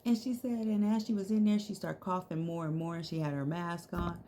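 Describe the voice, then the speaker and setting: A woman's voice: fairly low pitch, fairly even intonation, a little fast, warm tone, slight background noise. A middle-aged woman telling a story to her viewers in a casual, slangy way, laughing often.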